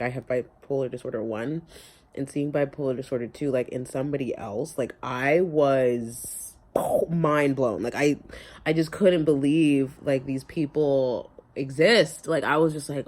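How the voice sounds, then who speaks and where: A woman's voice: a bass voice, darkish tone. A young woman vlogging casually from her car, rambling with lots of fillers while reading notes aloud. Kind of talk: casual reminiscing vlog.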